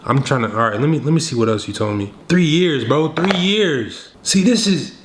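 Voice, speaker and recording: A man making a dating advice video, talking straight to the viewer in a slangy, scolding, animated way. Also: on the high side, moderate pace, reverberant, noisy background. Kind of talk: direct-to-camera coaching.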